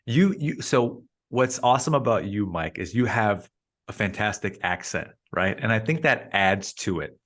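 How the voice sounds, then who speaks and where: A man's voice: fairly low pitch, animated, normal speed, a bit bright. A male interview host who asks long, rambling questions full of restarts and repeated words.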